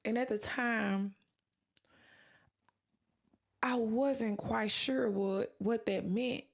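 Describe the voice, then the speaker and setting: A woman with a slightly high, gravelly voice tells a personal faith testimony on her podcast. She speaks earnestly and with emotion, replaying her own past words as she goes. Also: fairly even intonation, drawn-out words. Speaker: podcast host.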